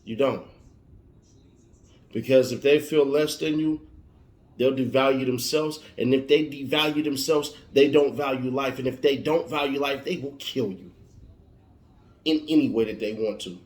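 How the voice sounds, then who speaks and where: A man delivers a motivational monologue in an emphatic, preachy way, driving his points home through repetition. His voice sits at an ordinary middle pitch. The recording carries a noticeable roomy echo. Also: normal speed, a little mellow. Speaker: motivational speaker.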